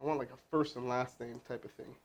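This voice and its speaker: A man with a mid-range voice talks fast as he makes a live cold sales call and then coaches his crew. He's casual, full of fillers and restarts, and sounds energetic and rambling.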